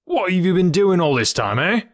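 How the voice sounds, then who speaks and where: A man's voice: medium pitch, normal speed, no room sound, clean studio sound, close to an everyday voice. A man voicing an angry, indignant police inspector in a Victorian detective audiobook. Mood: furious. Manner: loud, indignant, exasperated.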